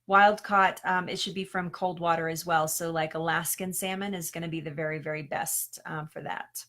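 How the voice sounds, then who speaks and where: A woman's voice: lowish voice, fairly even intonation, normal speed, bright, forceful tone. A woman health coach chatting casually on a live stream, answering questions with lots of ums and restarts and frequent laughs.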